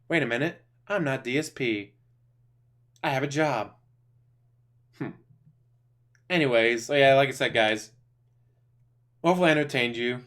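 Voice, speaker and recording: Bright-voiced man mocking casually. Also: medium pitch, moderate pace, pauses often. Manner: mocking, laughing, swearing freely. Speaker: streamer. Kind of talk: casual reaction commentary.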